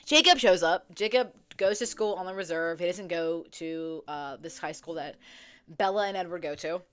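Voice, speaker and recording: A woman's voice: fairly low pitch, moderate pace, clear, resonant tone. A young woman casually retelling a book story from memory, swearing freely and acting out the characters' lines. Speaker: book vlogger. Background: soft background music.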